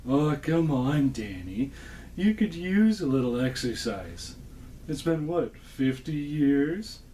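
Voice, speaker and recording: A man doing a slow, drowsy dog puppet. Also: on the high side, big pitch swings, dark tone, distant mic, slight background noise. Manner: slow, laid-back drawl. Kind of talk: ventriloquist comedy act.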